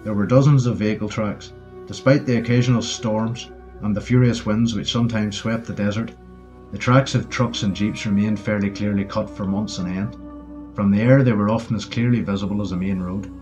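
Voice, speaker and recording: A man narrating a wartime adventure audiobook in a steady storytelling voice. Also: fairly low pitch, brisk. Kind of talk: scripted narration. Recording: dull lo-fi with faint music.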